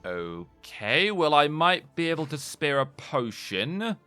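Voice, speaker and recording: A man's voice: a little high, big pitch swings, takes it slowly, sharp tone, clear, resonant tone. A man giving casual gameplay commentary, hesitant and self-mocking, with game music behind. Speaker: gamer host.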